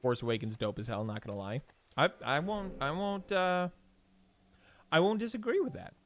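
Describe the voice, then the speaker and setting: This young streamer has a fairly high, fairly bright voice and sounds animated at a moderate pace. Chatting casually from home while gaming, he rambles between moments of play, peppering his talk with profanity, frequent "like"s, and restarts.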